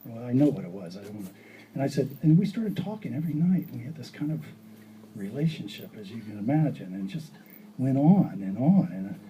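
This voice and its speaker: A man giving an art talk, telling stories in a rambling, animated way and acting out dialogue. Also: mid-range voice, a little fast, slight background noise, poor audio. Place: gallery or hall.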